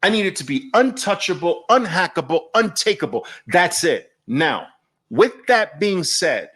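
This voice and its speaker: A man's voice: sits high, big pitch swings, measured pace, fairly bright tone, breathy edge. A man hosting a live online audio room, talking emphatically and mockingly and repeating phrases for effect. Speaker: host.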